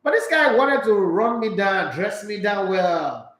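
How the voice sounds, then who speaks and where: A man with a Nigerian accent hosting a sports talk show, chatting casually and reading viewer comments in a playful, animated way. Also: sits high, a little slow, reverberant, poor audio. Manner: playful, animated, slipping into Pidgin.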